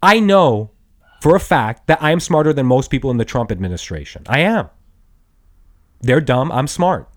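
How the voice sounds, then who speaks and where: A man in his thirties rants alone on his podcast, swearing hard and breaking into shouted bursts. His pitch leaps high and drops low as his anger swells and settles. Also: big pitch swings, moderate pace. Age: 30s. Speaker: podcast host. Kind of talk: angry solo rant.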